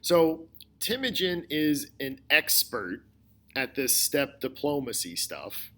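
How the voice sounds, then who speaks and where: A male history teacher giving a recorded lecture, explaining slowly and deliberately, often repeating his key points. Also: mid-range voice, sing-song, pushed and bright. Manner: slow, deliberate explaining with repetition.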